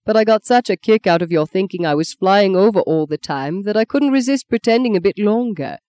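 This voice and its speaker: A reader voicing Rain, a measured, wry German politician, in an audiobook. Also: lively intonation, dry recording, lightly acted. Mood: amused. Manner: low, measured and soft-spoken. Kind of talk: audiobook character voice.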